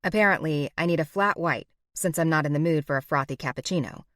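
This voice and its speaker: A woman reads a first-person romance audiobook, expressive and wry. Her voice sits on the low side and the sound is dry and close, with no room around it. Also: quick pace, dry recording. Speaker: audiobook narrator.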